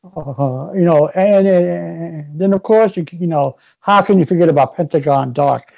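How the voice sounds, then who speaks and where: A man co-hosting a casual wrestling chat, excitable, often stammering and repeating words. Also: a little high, measured pace, creaky, muffled recording. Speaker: podcast co-host.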